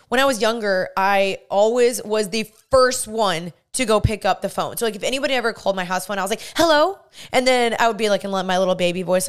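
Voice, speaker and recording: Young woman podcaster, smooth clear voice, bubbly, gushing, says "like" constantly. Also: mid-range voice. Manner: bubbly, gushing, heavy use of "like". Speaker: podcast host. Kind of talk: casual storytelling monologue.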